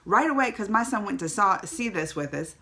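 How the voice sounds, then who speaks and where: Give me an emotional woman reviewing a movie on her vlog, chatty, with a bright tense tone. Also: mid-range voice, animated, brisk. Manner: chatty and emotional, tearing up then laughing.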